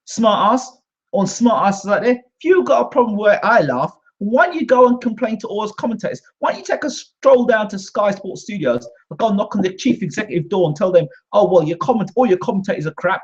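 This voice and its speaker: Talking fairly quickly and expressively, this British man's high, slightly rough voice carries an indignant rant aimed at his own channel's camera. He's combative and repeats himself, and the recording sounds dull and lo-fi.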